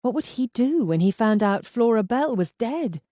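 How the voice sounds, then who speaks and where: A woman's voice: a little high, expressive, normal speed, dark tone, no room sound, clean studio sound. Woman reading a first-person mystery novel. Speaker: audiobook narrator.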